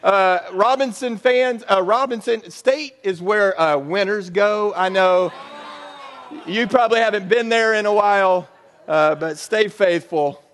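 A pastor preaching a sermon in a church, conversational and joking between points. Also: male voice, high voice, unhurried, fairly bright tone, long reverb tail. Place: church sanctuary.

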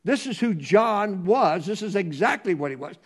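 A man preaching a sermon, reading scripture slowly and swinging from hushed tones to loud emphasis. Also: high-pitched, animated, husky. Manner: reads scripture in a slow, measured cadence.

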